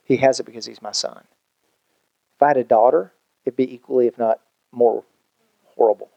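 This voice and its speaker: A man pastor, preaching a sermon in an animated, conversational way with jokes and acted-out quotes. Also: mid-range voice, a little fast, vocal fry, no room sound, highs cut off.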